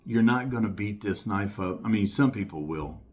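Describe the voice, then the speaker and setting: Emphatic, low-voiced man reviewing a knife. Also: lively intonation, normal speed. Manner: emphatic, enthusiastic, repeats himself. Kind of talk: casual product review to camera.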